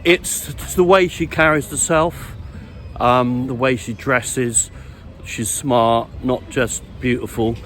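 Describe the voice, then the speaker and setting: A man's voice: mid-range voice, fairly even intonation, slow pace, fairly bright tone, slight background noise. A middle-aged man walking along a street and telling a meandering, reflective story about dating, with many fillers and restarts. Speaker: vlogger on dating. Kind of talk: rambling anecdotal storytelling.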